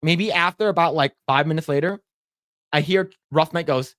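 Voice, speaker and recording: A man's voice: a little high, normal speed, fairly bright tone, dry recording. Chatty laughing podcast guy, dry sound. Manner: rambling, laughs often, many fillers. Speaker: podcast co-host. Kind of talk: casual chat, storytelling.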